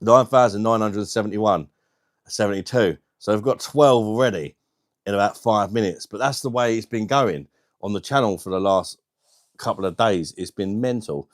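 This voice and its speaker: A man's voice: fairly low pitch, normal speed, no echo, studio quality. Chatty man hosting a live stream. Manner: chatty, laughs often, greets viewers by name. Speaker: livestream host. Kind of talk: casual live stream chat. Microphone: wireless mic.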